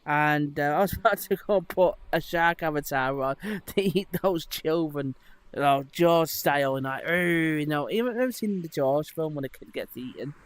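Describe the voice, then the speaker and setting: A man's voice: on the high side, normal speed, clear, resonant tone, no room sound. A man chatting casually to his viewers while exploring in a VR headset, rambling with lots of fillers. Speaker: streamer. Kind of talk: casual live-stream chat.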